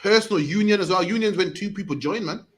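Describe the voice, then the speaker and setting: A British street preacher in his thirties talks fast in a high, fairly bright voice. His delivery is emphatic, and he repeats "man" at the close of his sentences.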